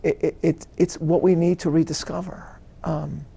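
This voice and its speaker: A man, a rabbi answering questions at a live interview, speaking in an earnest, measured lecture style with emphatic stresses and frequent restarts. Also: on the high side, level tone, creaky, dark tone, breathy edge.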